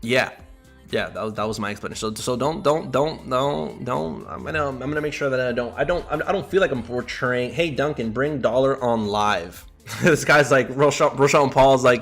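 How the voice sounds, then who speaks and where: A man's voice: mid-range voice, normal speed, creaky, faint music behind. A man hosting a live trading stream, chatting casually with his viewers, swearing often and repeating himself when he makes a point. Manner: profane, animated, repeats himself, talks to chat. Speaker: livestream trading host. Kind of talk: casual livestream chat.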